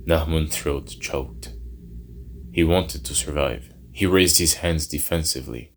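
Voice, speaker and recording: A man narrating a dark fantasy story in a slow, somber, measured way. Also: a bass voice, a little hiss or hum.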